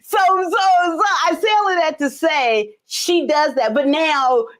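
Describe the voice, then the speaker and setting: A middle-aged woman hosting a casual live chat, telling profane stories and acting out the dialogue. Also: unhurried. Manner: animated, profane, acts out dialogue in high voices. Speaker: host.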